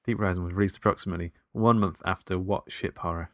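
A man co-hosting a casual film podcast, reading quiz questions with loud stresses and laughing easily. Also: low voice, fairly even intonation, quick pace, dry recording, clean studio sound. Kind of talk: casual chat.

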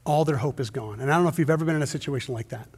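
A male pastor preaching a sermon, swinging from hushed, slow storytelling to loud, intense emphasis. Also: mid-range voice, breathy edge. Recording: long hall reverb.

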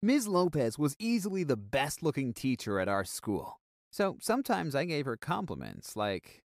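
A man giving an expressive, scripted first-person narration for an animated story. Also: fairly high pitch, normal speed, no room sound, clean studio sound.

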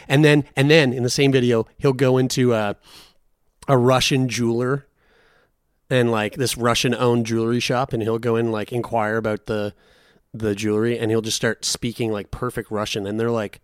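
A man of middle pitch chatting casually on a podcast and wandering off into long, animated tangents. He swears freely and laughs easily. The recording is close and dry. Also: normal speed, no room sound. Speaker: podcast co-host. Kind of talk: casual chat.

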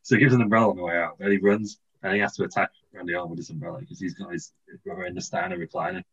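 A deep, husky-voiced podcast co-host rambles through a casual comedic chat, pitching a wrestling storyline. He talks rapid-fire with lively intonation and a slightly bright tone, laughing, restarting, and putting on silly voices for quotes, all on a muffled recording.

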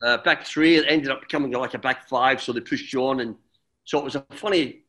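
A middle-aged man, a former footballer, telling relaxed stories as an interview guest, rambling with restarts and friendly "mate"s. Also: medium pitch, fairly quick. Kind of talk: relaxed anecdotal storytelling.

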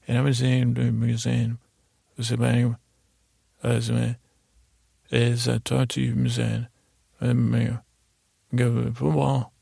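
A man improvising a rambling bedtime story as a sleep podcast host, halting with many restarts and fillers. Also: medium pitch, completely flat delivery, gravelly, warm tone, husky, dry recording, studio quality.

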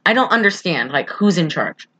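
Chatty woman, low voice. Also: normal speed, husky. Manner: animated, acts out movie characters, many fillers. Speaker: podcast co-host. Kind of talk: casual movie review chat.

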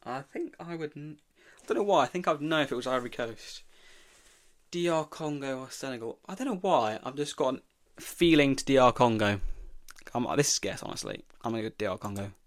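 Male host, young, mid-pitched, dry recording; muses his way through a play-along quiz. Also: animated, brisk, no room sound. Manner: thinks aloud, reading questions and guessing. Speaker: podcast host. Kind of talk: solo football quiz podcast.

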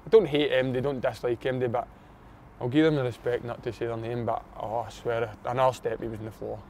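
A young Scottish man spinning a blunt, swear-heavy story about the dressing room. His voice sits at an ordinary middle pitch. A faint hum of traffic runs behind him. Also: level tone, quick pace, creaky, darkish tone. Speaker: footballer. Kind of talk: casual chat.

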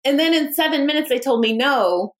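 A woman's voice: sits high, lively intonation, brisk. A woman in her thirties, a company founder, telling her story candidly in an interview, acting out quoted dialogue and laughing often. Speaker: founder and guest.

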